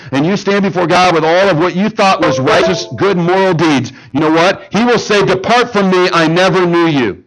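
A man preaching an earnest, emphatic sermon to a congregation, often dropping his voice low for emphasis. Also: fairly bright tone, poor audio.

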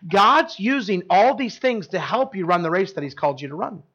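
A man's voice: high-pitched, lively intonation, a little fast, a bit bright, dull audio. A male pastor preaching a casual, conversational sermon to a live congregation, often quizzing the listeners and leaning on fillers like "like.". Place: church service before a live congregation.

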